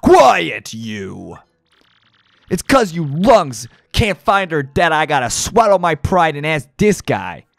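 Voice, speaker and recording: A man voicing a gruff, domineering mob boss in a video game playthrough, talking tough in a gangster manner. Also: a little high, very animated, unhurried, hardly any pauses, no echo, studio quality, voice pushed up. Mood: scolding. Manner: tough-guy gangster talk, clipped threats. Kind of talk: let's play voice acting.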